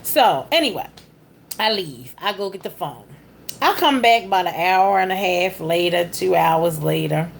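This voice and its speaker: A middle-aged woman telling a rambling story casually, with big jumps in pitch. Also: unhurried, vocal fry, a little hiss or hum. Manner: animated, with big pitch jumps on quoted speech; rambling, with frequent fillers and restarts. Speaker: vlogger.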